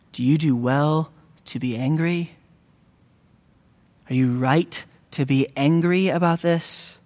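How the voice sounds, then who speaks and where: A man preaching a sermon in a fairly high voice. He talks earnestly, climbs into dramatic peaks and slows down for emphatic repeated phrases. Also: darkish tone. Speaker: pastor.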